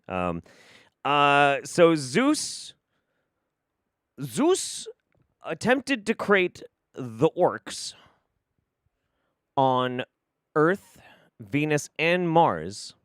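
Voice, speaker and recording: Deadpan male commentator, sarcastic asides, smooth tone, very dry booth sound. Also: medium pitch, no echo. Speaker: commentary host. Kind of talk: comedic commentary.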